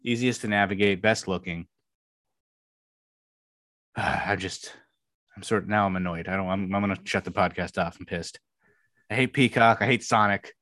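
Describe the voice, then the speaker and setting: A man's voice: low-pitched, normal speed, long pauses, fairly bright tone, dry recording, studio quality. A man co-hosting a podcast, grumbling in an annoyed, sighing way during casual chat. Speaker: podcast co-host.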